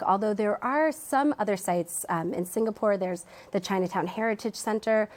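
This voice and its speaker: A woman's voice: medium pitch, darkish tone. A woman, a museum education director, answering interview questions in a TV studio, thoughtful and with frequent ums and restarts.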